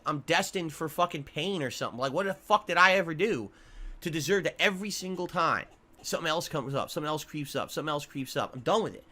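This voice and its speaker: A man streaming live, ranting angrily with heavy swearing and lots of repetition, going from loud outbursts to low muttering. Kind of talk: angry livestream rant.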